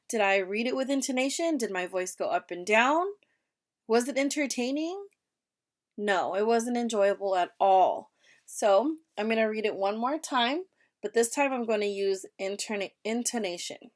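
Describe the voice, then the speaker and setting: A woman teacher giving a reading lesson to young children, speaking slowly and clearly and asking the class questions. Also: mid-range voice. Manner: slow, clear classroom delivery with questions to students.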